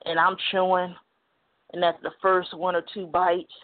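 A woman's voice: fairly low pitch, flat delivery, unhurried. A woman from the Midwest United States hosting a talk show, telling a story in a chatty, digressive way full of "you know" fillers. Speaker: talk radio host. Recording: phone-like narrow band.

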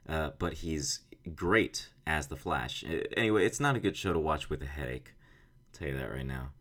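An American man, roughly around thirty, hosting a podcast in a loose, rambling, self-mocking monologue with casual swearing. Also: rumbling low, a bit bright. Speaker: podcast host. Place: indoor office studio.

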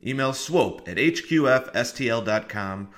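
Brief: male comedy host, bright voice, lively intonation, polished salesman patter. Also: mid-range voice, normal speed, a little hiss or hum. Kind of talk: mock advertisement read.

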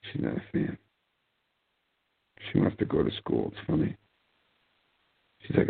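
A man's voice: extremely low pitch, sing-song, normal speed, creaky, pauses often, breathy edge. A man hosting a show, talking in a rambling, sardonic monologue with mumbled asides. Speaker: podcast host. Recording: tinny phone-like line, dry.

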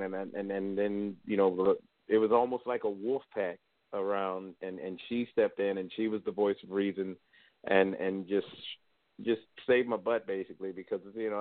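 Man, low voice, casual radio co-host, playful, stumbling restarts, tinny phone line. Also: no room sound. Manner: playful, repeats and restarts words. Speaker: podcast co-host.

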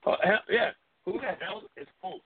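A man hosting a call-in tribute show, telling stories in a casual, animated way, swearing often and acting out his friends' lines. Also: high voice, normal speed, gravelly, crowd noise. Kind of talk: casual storytelling chat. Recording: phone-line audio with hiss.

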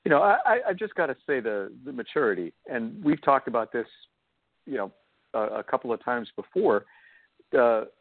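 A man's voice: medium pitch, animated, moderate pace, no room sound. A man co-hosting a casual sports talk show, hesitant and restarting his words. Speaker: co-host. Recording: dry tinny phone-like line.

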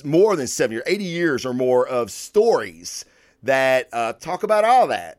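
A man hosting a podcast solo, talking casually in a rambling, excitable way, swearing constantly. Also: mid-range voice, no echo, studio quality. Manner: rambling, heavy profanity, excitable. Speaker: podcast host. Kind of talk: casual monologue.

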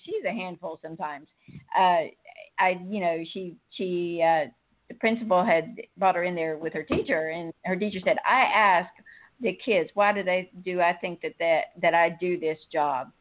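A woman's voice: fairly low pitch, normal speed. A middle-aged woman hosting a casual spiritual chat, rambling and laughing often. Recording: phone-like narrow audio.

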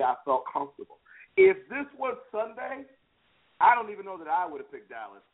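Lively man hosting a sports talk show. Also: on the high side. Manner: animated, teasing, emphatic. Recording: phone-like lo-fi line.

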